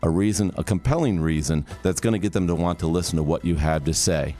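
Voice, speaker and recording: A man from Michigan giving a motivational talk on communication, telling a story and coaching in a lively, punchy way. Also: deep voice, quick pace, faint music behind. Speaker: communication speaker.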